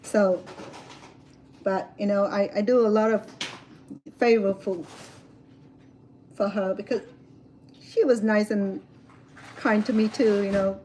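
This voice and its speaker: A woman vlogger cooks outdoors at a home grill, telling stories in a chatty, animated way filled with fillers. Her mid-range voice is slow with long pauses, caught on a camera mic in a low-quality recording with faint background noise.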